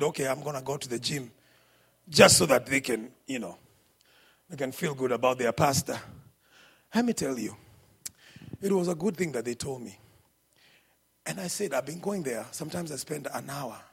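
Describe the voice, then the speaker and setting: A male pastor preaching a sermon in church on a handheld microphone. He is animated, swings between loud exhortation and soft asides, and keeps asking the congregation for an amen. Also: a little high, creaky, breathy edge.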